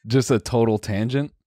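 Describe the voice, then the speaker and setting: A man's voice: medium pitch, warm tone, no echo, studio quality. A young man co-hosting a comedy podcast, laid back, laughing and tossing in jokes. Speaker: podcast co-host. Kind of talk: casual comedic chat.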